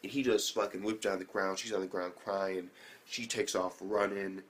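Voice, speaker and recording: A man's voice: deep voice, level tone, normal speed, a bit bright, slight background noise. A young man casually recapping an anime episode, rambling with slang, swearing and many fillers. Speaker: anime reviewer.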